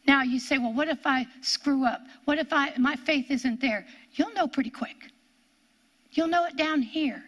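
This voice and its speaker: A woman teaching the Bible in a sermon, dramatic and emphatic, asking rhetorical questions and dropping to hushed tones. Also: high-pitched, unhurried. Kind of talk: sermon, reading and expounding scripture.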